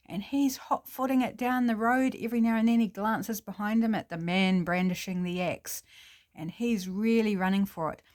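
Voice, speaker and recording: A woman's voice: medium pitch, steady tone, moderate pace, a little mellow. A woman with a New Zealand accent casually improvising a story, chatty with fillers and self-corrections.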